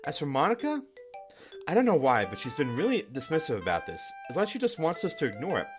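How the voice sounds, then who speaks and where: A small, feisty teenage girl speaks in a blunt, pushy way, as a man reads her lines aloud in his own voice. Her tone is lively, and soft game music runs underneath. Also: on the high side, fast, pitched above the performer's own voice. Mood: worried. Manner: pushy, then earnest.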